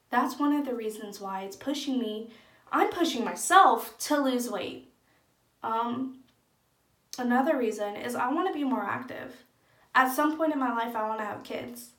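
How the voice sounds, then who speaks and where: A young woman talking openly and earnestly to camera in a personal vlog. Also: fairly high pitch. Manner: earnest, open and soft-spoken. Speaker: vlogger. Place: echoey room at home. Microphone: camera in front of speaker. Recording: echoey room.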